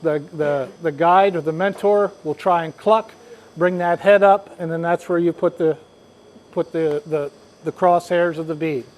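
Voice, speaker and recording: A man's voice: on the high side, steady tone, unhurried, darkish tone, poor audio. A man teaching a group how to hunt turkeys, speaking in a folksy, rambling way with frequent restarts. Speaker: hunting instructor. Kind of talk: casual spoken instruction.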